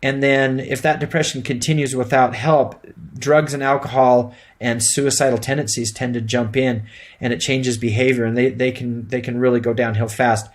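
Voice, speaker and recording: A man's voice: medium pitch, flat delivery, moderate pace. A middle-aged man giving an instructional lecture to emergency medical students, speaking plainly and conversationally with frequent fillers. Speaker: EMT instructor.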